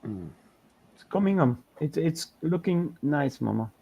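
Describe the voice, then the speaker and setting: A man's voice: fairly high pitch, lively intonation, unhurried, vocal fry, slightly rough, dull audio. Patient man coaching a painter. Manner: patient, step-by-step instructing. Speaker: co-host of a painting chat show. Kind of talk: casual livestream chat while coaching painting.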